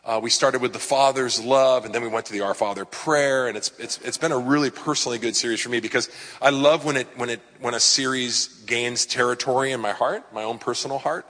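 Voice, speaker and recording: A man's voice: mid-range voice, steady tone, a little fast, a bit bright. A man preaching a sermon to his congregation, conversational and personal, with self-deprecating asides. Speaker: pastor. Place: church sanctuary with congregation. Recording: live sermon in a reverberant hall.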